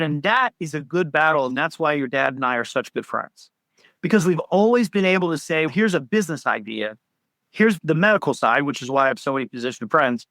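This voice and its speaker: A man's voice: on the high side, fairly bright tone, dry recording, studio quality. A man in his forties, a healthcare executive guest telling stories with enthusiasm. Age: 40s. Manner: enthusiastic storyteller, agreeable. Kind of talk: casual interview chat.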